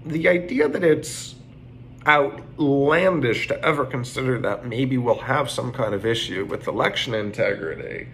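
Opinionated man, mid-pitched, rambling casual commentary over faint background hum. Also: unhurried, a bit bright. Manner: rambling, many restarts, opinionated. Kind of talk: casual political commentary monologue.

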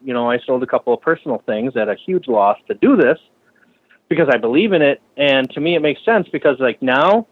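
A man who runs a shop and builds bikes, from the Minneapolis area, speaking at a middle pitch. His talk is casual and profane, and he keeps jumping up in pitch to act out other people's doubting lines. The audio sounds a little dull and lo-fi. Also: animated, brisk. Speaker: shop owner and bike builder. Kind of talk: casual podcast conversation.

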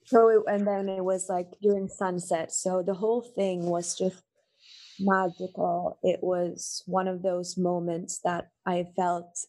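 A woman's voice: fairly low pitch, level tone, a little slow, dark tone. A woman talking in a casual conversation over a call, emotional and rambling with many fillers. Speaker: podcast guest.

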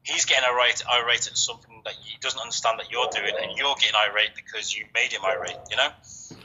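A man's voice: mid-range voice, fairly even intonation, fast talker, sharp tone, dull audio, a little hiss or hum. A man who hosts a podcast, talking casually and earnestly, swearing freely and often restarting his sentences. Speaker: podcast host. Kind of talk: casual chat.

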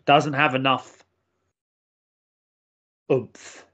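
A man's voice: mid-range voice, level tone, extremely slow, lo-fi sound. A man with an English accent, co-hosting a podcast in casual, mock-indignant banter. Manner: loud, swearing, mock-indignant. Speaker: podcast co-host.

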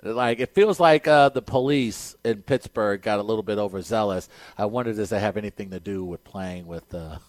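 A man's voice: lowish voice, normal speed, hardly any pauses, darkish tone, no echo. A man hosting a casual sports talk show, reading news items aloud and then giving emphatic, opinionated takes.

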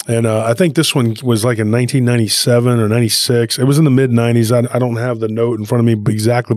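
A man retelling a listener's story on a podcast, animated and rambling, with frequent restarts. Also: medium pitch, no room sound, clean studio sound. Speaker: podcast co-host.

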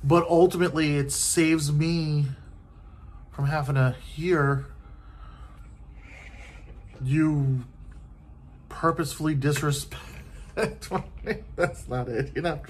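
A man's voice: fairly high pitch, fairly even intonation, slow, long pauses. A man talks in a loose, rambling rant from a hotel room, his voice sitting a little above the usual male range. He swears freely and sounds worn out by the topic, filling gaps with "like" and "you know." A faint television murmurs in the background. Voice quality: profane, loose, exasperated delivery with many fillers. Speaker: vlogger. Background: faint TV noise.

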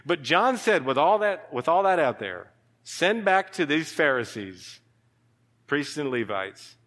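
A male pastor preaching a sermon, animated, with sudden drops to a hushed voice. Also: fairly high pitch, measured pace. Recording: long hall reverb.

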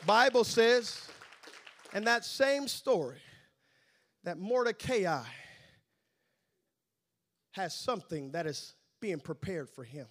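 A man's voice: high voice, lively intonation, slow pace, long pauses, a bit bright. A male preacher delivering a sermon with a rhythmic cadence and call-and-response phrases to the congregation.

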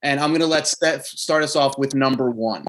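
A man hosting an interview, chatting casually and asking quick questions. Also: medium pitch, a bit bright. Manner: friendly, laughs easily, asks quick questions. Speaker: podcast host.

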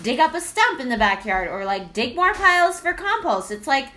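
A woman's voice: high-pitched, moderate pace. A woman talking casually and chattily about her piano practice at home, full of fillers. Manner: chatty, animated, lots of fillers. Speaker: vlogger. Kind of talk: casual reflective vlog talk.

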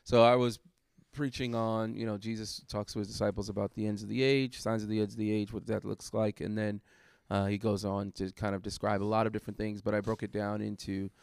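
A man's voice: lowish voice, flat delivery, a little fast, vocal fry, hardly any pauses, darkish tone, smooth, no room sound, studio quality. A man recounting a sermon he preached, talking it through thoughtfully with lots of fillers and restarts. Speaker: guest preacher. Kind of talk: casual conversation about a sermon.

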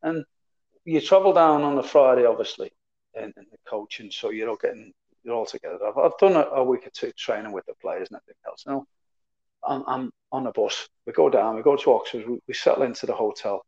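A former footballer, a man, spins stories in an easy, rambling way, doubling words and letting sentences trail off. His voice sits at an ordinary middle pitch. The audio is slightly muffled and lo-fi. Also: expressive, a little fast, darkish tone. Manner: chatty, repeats words, trails off. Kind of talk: casual anecdotal storytelling.

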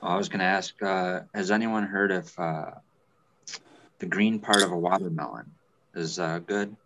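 Deep-voiced man, dry and hesitant. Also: moderate pace, fairly bright tone, lo-fi sound. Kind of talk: casual chat. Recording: faint background noise.

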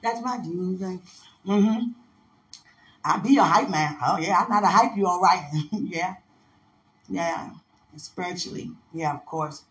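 High-pitched dc guy on a stream, laughy, animated, drops into little voices. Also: unhurried, long pauses, slight background noise. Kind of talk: casual storytelling chat.

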